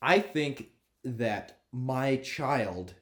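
A man's voice: mid-range voice, expressive, extremely slow. Laughing, jokey man in casual chat. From northern United States. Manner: laughing, jokey, slips into playful put-on voices. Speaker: podcast co-host.

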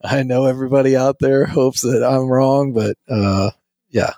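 A man's voice: mid-range voice, fairly even intonation, normal speed, warm tone, no room sound. A man co-hosting a podcast in casual chat, with a dry, teasing sense of humor. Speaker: podcast co-host.

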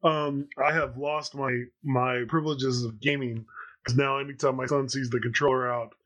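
A man's voice: medium pitch, fairly even intonation, normal speed, fairly bright tone. A man in his thirties hosting a podcast, telling a rambling story in casual chat with plenty of fillers. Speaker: podcast host.

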